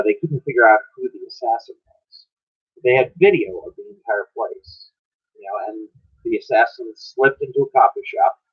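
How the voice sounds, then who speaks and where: A man's voice: mid-range voice, husky. A man hosting a livestream, giving casual spoken advice in a loose, chatty way, often restarting his phrases and answering chat. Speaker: livestream host. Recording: dull lo-fi stream audio.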